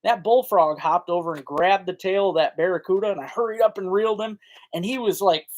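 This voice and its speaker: A man with a slightly high-pitched voice hosts a casual live fishing stream. He talks in a folksy, rambling way and answers comments from chat as they come in. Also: brisk. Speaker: fishing channel host.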